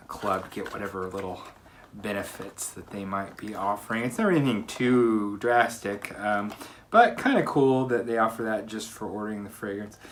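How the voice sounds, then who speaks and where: A man vlogging a casual unboxing from a quiet room at home, chatty and upbeat, with plenty of ums and uhs. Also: lowish voice, slight background noise. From United States. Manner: chatty, upbeat, many fillers. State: slightly out of breath. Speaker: fragrance reviewer.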